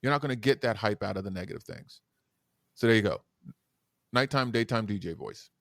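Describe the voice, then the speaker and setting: A man who is a guest educator and speaker on a podcast interview, talking in an animated, demonstrative way that swings between loud and soft. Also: on the low side, a little fast, creaky, no room sound, clean studio sound.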